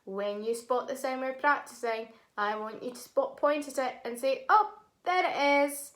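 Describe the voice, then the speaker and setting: A woman teaching a phonics lesson to young children, sounding out words syllable by syllable and praising them warmly. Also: a little high, normal speed.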